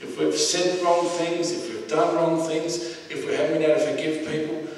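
Man preaching, conversational and repetitive, slightly high voice, echoey church hall, heard from a distance, faint hiss. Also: little pitch movement, moderate pace. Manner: conversational preaching with repeated phrases and fillers. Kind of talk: sermon.

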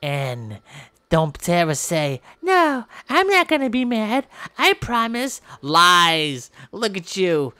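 A woman voicing Bob, a brash, boastful and violent male game character, taunting in slang and shouting when fighting. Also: fairly low pitch, very animated, slow, clean tone, no echo, exaggerated voice. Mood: menacing. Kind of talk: game machinima voice acting.

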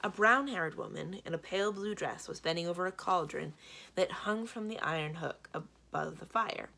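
Gravelly low-voiced woman reading a story. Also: moderate pace. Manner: steady storytelling, varied delivery. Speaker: librarian reading aloud. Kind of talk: children's book read-aloud narration.

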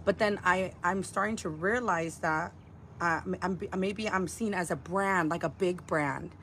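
A woman's voice: lowish voice, measured pace, a bit bright, poor audio. Woman, casual livestream talk, filler-heavy, swearing, vehicle noise in background. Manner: meandering, heavy fillers and profanity.

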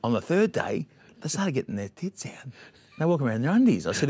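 A man's voice: medium pitch, big pitch swings, a little fast, a little mellow, slightly rough. Brash Australian man telling stories. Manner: brash, bawdy anecdotes. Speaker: guest. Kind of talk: storytelling chat.

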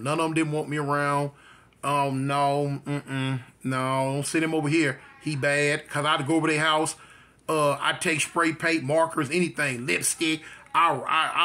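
A man's voice: fairly high pitch, bright, forceful tone. A man casually telling a personal life story, repeating phrases and acting out sounds as he goes. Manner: vivid storyteller who repeats phrases and mimics gunshots.

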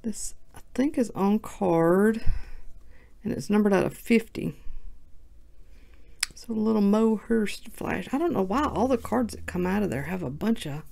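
A woman's voice: medium pitch, expressive, unhurried, creaky, long pauses, warm tone. A woman hosting her sports card channel, chatting casually and thinking aloud in a self-mocking way as she opens packs. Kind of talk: casual card-opening commentary.

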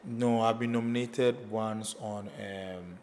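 A man with a Ghanaian accent, a musician answering interview questions in a relaxed way. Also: fairly low pitch, slow, big-room sound, a little hiss or hum. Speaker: musician guest.

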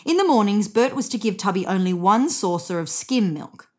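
A woman with a mid-range voice reads a children's picture book aloud at a normal speed. She tells the story gently and expressively.

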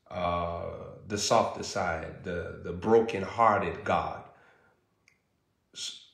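A pastor with a Southern US accent delivers a sermon, his voice pitched low. He repeats his phrases and swells into loud, emphatic bursts. A strong echo hangs on every word. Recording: echoey room.

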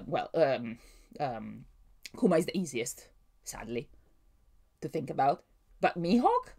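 Woman, casual reaction host, animated pitch, excitable and rambling, laughs easily. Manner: excitable, laughs often, restarts and wonders aloud. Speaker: manga reaction vlogger. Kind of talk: casual thinking-aloud reaction.

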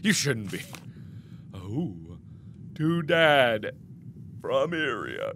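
A man in his thirties hosting a horror game let's play, joking and talking to the game, with sudden loud outbursts. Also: on the high side, sing-song, slow, long pauses, a little hiss or hum. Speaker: gaming channel host.

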